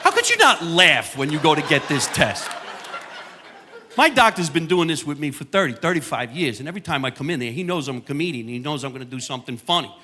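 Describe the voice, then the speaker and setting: A man's voice: on the high side, very animated, quick pace, a crowd in the background. An older man with a New Jersey accent doing brash, crude live stand-up comedy on a stage mic. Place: high school auditorium stage. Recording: live audience laughter, noisy hall.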